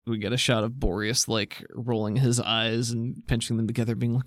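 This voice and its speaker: A man's voice: mid-range voice, flat delivery, brisk, dry recording, studio quality. Man wryly narrating his game moves. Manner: casual, wry narration of his own character. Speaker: player. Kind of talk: playing a tabletop game.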